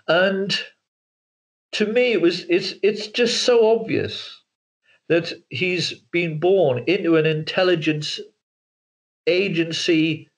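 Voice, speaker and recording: A male author and filmmaker talking as an interview guest over a video call, hesitant, with frequent repeated words and restarts. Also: fairly high pitch. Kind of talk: casual interview talk. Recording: dull lo-fi call audio.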